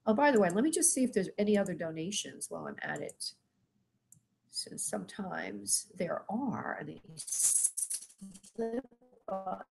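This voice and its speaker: A woman's voice: medium pitch, animated, moderate pace, vocal fry, darkish tone, faint music behind. A middle-aged woman, a spirit medium, gives live readings to callers, calling them sweetheart and honey and asking spirit yes-or-no questions. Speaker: spirit medium hosting a call-in show.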